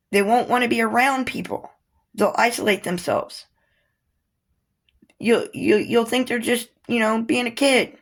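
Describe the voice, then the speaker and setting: Earnest woman with vocal fry. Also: on the high side. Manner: earnest, heartfelt, pleading. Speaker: vlogger. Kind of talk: personal talk to camera.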